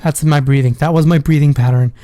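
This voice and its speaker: A man's voice: a little high, steady tone, brisk, warm tone, no room sound. A man, a father, casually telling a personal story in a rambling, profane way. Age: adult with a school-age daughter. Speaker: vlogger.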